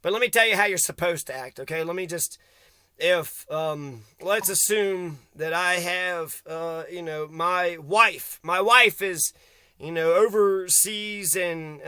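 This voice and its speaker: A man's voice: sits high, bright, forceful tone, smooth, no room sound. A man ranting angrily to camera outdoors, swearing constantly and rambling as he vents. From Kentucky. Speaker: vlogger. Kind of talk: angry profane rant to camera.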